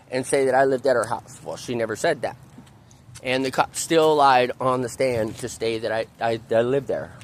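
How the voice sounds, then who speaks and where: A man's voice: mid-range voice, slight background noise. A man venting angrily outdoors in a park, swearing often and repeating himself as he rants. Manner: profane, ranting, repetitive. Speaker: vlogger. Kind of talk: angry venting monologue.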